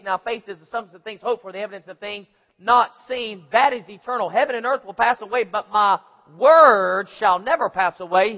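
A man preaching a sermon, telling Bible stories with animated voices for the characters. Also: very high voice. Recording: muffled recording in a reverberant hall.

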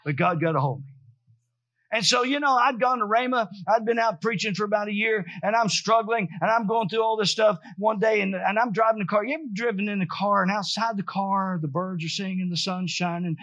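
High-pitched male preacher, emphatic and repetitive, dull dry recording. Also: brisk, a bit bright, no echo. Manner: emphatic, repeats and restarts words. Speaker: pastor. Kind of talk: sermon.

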